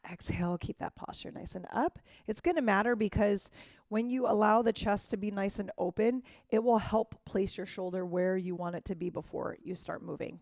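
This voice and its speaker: A woman's voice: mid-range voice, gravelly, darkish tone, no echo, studio quality. Encouraging woman teaching a dance class. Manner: encouraging, counts beats aloud and scats rhythms. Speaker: dance instructor.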